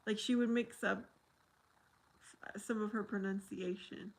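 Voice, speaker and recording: A woman's voice: mid-range voice, fairly even intonation, measured pace, rough recording. An American woman hosting a casual livestream, rambling and chatty as she talks with viewers and laughs often. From United States.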